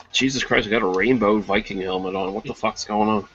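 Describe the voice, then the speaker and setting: A man's voice: on the low side, normal speed, gravelly, breathy edge. A man joking around in a casual online chat. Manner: joking, animated. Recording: lo-fi webcam audio, faint noise.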